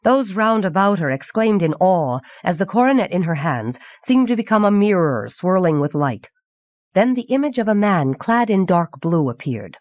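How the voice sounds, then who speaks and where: A woman reading a novel aloud as audiobook narrator in a measured, clear voice from an old cassette recording. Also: lowish voice, big pitch swings, no room sound. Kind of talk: scripted narration. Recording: dull 1990s cassette audiobook.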